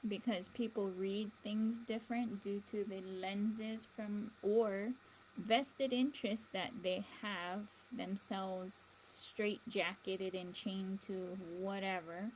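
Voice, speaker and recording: A woman's voice: mid-range voice, fairly even intonation, takes it slowly, darkish tone, slight background noise, low-quality recording. A woman hosting a show in a meandering casual monologue, chuckling between thoughts. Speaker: livestream show host.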